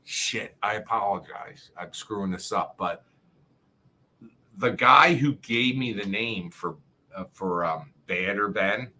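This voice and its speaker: A man's voice: on the low side, slow, sharp tone. A man with a South Jersey accent hosting a casual livestream, rambling, swearing and reading viewer comments aloud. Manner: rambling, profane, reads chat comments aloud.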